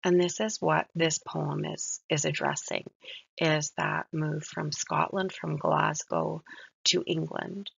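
A woman's voice: sits low, flat delivery, takes it slowly, gravelly, slightly rough, no room sound. A woman giving a recorded mini-lecture on a poem, reflective and admiring as she walks through its lines. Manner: reflective, admiring, soft-spoken. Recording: dull lo-fi dry recording.

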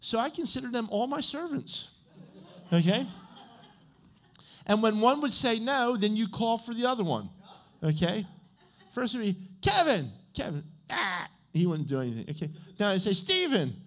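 A male pastor delivering a sermon in a church. His voice moves lively up and down, and he keeps the tone conversational, checking in with his listeners with quick "okay?" and "right?" tags. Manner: animated, with swings in pitch and loudness.

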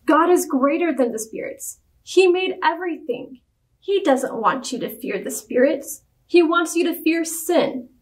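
A woman voicing an earnest young male missionary who speaks calmly and plainly, in a church storybook reading. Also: high-pitched, unhurried, voice pushed up. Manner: calm and earnest.

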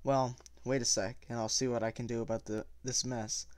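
A tough teenage hoodlum who sounds unbothered and clipped, read out by a man in his ordinary voice. The pitch stays middling and the sound is dry and close. It plays like a plain storybook reading. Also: flat delivery, normal speed, dry recording, lightly acted. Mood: offhand.

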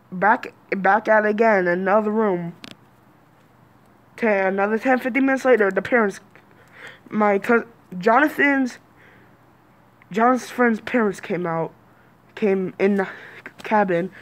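A woman's voice: mid-range voice, measured pace, long pauses. A woman telling a rambling storytime to her viewers, repeating and restarting her lines. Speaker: vlogger. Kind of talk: casual storytime.

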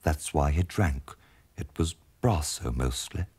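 Husky whispery eccentric gentleman, put on by a narrator, mournful, dreamy, dry close sound. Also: very deep voice, measured pace, dry recording, heavily acted. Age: 40s. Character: dreamy eccentric middle-aged English gentleman. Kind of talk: comic spoken-word record acting.

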